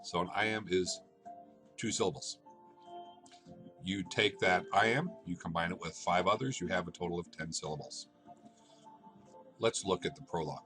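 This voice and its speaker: A man with a very low voice explains a lesson step by step, pausing between short phrases. He keeps checking that his listeners are following along. Soft music plays faintly underneath him. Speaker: teacher.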